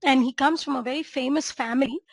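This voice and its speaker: A woman's voice: high-pitched, fast, no room sound. A woman doctor, lecturing on a clinical case and drawing listeners in with questions. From India. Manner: engaging, checks in with listeners and asks rhetorical questions. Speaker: homeopathy doctor and teacher.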